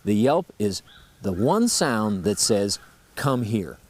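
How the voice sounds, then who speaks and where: Walking through turkey calls one sound at a time, this instructor keeps his explanations folksy and plain. His voice is fairly low, sing-song and slow.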